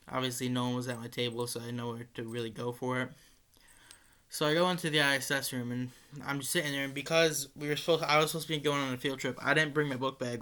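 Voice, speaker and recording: With a bright, pushed quality to his mid-range voice, a teenage student meanders through a story from school. He talks casually, keeps saying "like," restarts his sentences and drops the odd swear.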